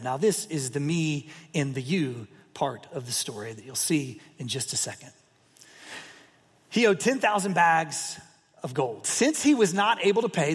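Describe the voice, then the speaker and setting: A man preaching a sermon and retelling a parable with animated, emphatic repetitions. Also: on the high side, breathy edge. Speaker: pastor. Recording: long reverb of a hall.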